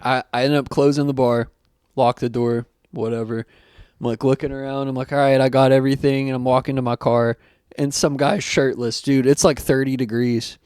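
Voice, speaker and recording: A man, chatting casually as a podcast co-host and telling stories loudly, with a lot of laughter and swearing. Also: mid-range voice, moderate pace, smooth, no echo, clean studio sound. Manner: animated storytelling, loud laughing, swearing. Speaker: podcast co-host, bar owner. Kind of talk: casual chat.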